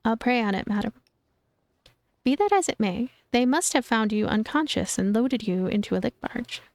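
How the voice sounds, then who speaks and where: A woman voicing a kindly male street priest in a video game, speaking gently and soothingly. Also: fairly high pitch, expressive, moderate pace, dry recording. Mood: gentle.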